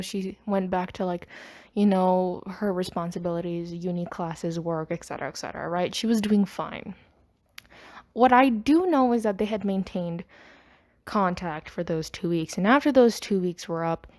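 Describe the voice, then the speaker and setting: A woman's voice: medium pitch, moderate pace, a little mellow. A woman hosting a podcast, telling a personal story in a rambling, chatty way. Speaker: podcast host. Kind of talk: casual storytime monologue.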